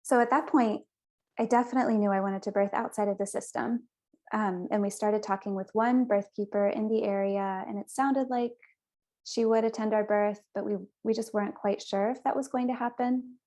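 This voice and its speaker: A woman's voice: medium pitch, steady tone, moderate pace, dark tone. A young woman guest on a podcast, telling her personal story in an earnest, chatty way. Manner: earnest, chatty, with small restarts.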